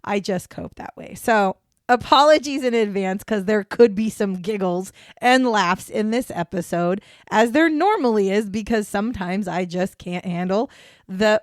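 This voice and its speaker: A woman's voice: medium pitch, lively intonation, normal speed, no room sound, studio quality. A woman co-hosting a casual true-crime podcast, rambling and self-deprecating, breaking into giggles as she talks. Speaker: podcast co-host.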